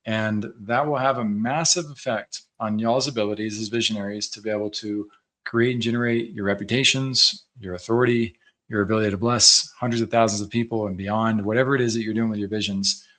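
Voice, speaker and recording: A man's voice: on the low side, steady tone, fairly quick, fairly bright tone. A man hosting an interview podcast, speaking earnestly to his listeners in a closing segment. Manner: earnest, addresses audience as friends. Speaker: podcast host.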